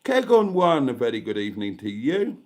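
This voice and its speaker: A man streams live from his caravan by the gas fire, congested with a head cold, casually reading comments and making dry, self-mocking asides. He speaks fairly quickly in a mid-range, slightly mellow, sing-song voice.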